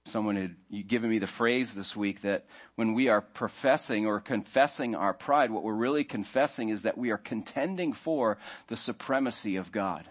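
A man's voice: on the low side, moderate pace, few pauses. A man preaching a sermon in a conversational way, now and then acting out the inner voices of his listeners. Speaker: pastor.

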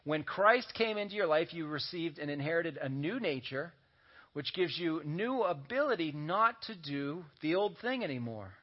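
A man's voice: on the high side, lively intonation, moderate pace, slightly rough. A man preaching a sermon as a pastor, talking conversationally and slipping in joking asides. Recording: dull lo-fi audio recording.

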